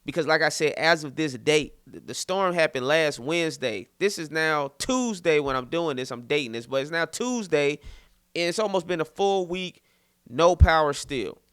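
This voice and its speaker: Man telling a casual story, bright crisp voice, dry close mic, animated. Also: on the high side, moderate pace, no room sound. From St. Petersburg, Florida. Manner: animated, loose, repeats words and acts out quotes. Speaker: podcast host and comedian.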